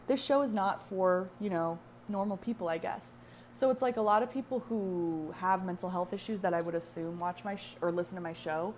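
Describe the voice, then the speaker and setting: In a casual solo monologue on her own podcast, a young adult woman from the US speaks candidly, rambling, swearing and mocking herself. Her voice is lowish, with slight background noise.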